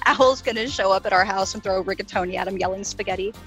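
A woman's voice: mid-range voice, quick pace, a bit bright, faint music behind. A woman co-hosting a podcast in casual chat, telling stories in a joking, profane way. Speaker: podcast co-host.

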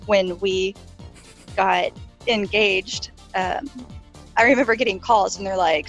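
A woman's voice: medium pitch, unhurried, gravelly, long pauses, soft background music. A woman co-hosting a podcast in casual chat, telling stories in a joking, profane way. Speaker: podcast co-host.

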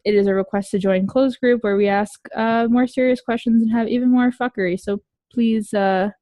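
A woman's voice: fairly high pitch, steady tone, moderate pace, dark tone, dry recording. Casual, swearing woman podcast host. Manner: loose, profane and joking.

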